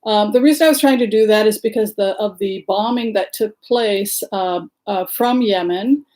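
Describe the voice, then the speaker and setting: A woman's voice: medium pitch, moderate pace, darkish tone. Chatty woman hosting a livestream. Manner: chatty, greets viewers by name, many fillers. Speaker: livestream host and tarot reader. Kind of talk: casual livestream chat.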